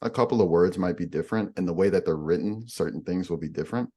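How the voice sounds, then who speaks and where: A man with a very deep, low voice talks through a topic on a podcast. He is patient and methodical and builds his explanation with example after example. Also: fast, warm tone, breathy edge.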